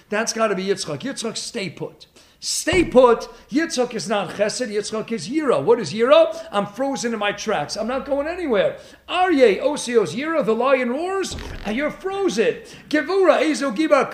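A man giving an animated Torah lecture, full of rhetorical questions and Hebrew terms. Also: very high-pitched, echoey room. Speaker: rabbi giving a Torah class.

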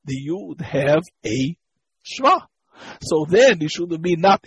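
Guy teaching hebrew grammar, voice goes up and down a lot, really raspy. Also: fairly high pitch, very animated, slow pace, low-quality recording. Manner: explains step by step, repeats key points, searches for words. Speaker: Torah teacher.

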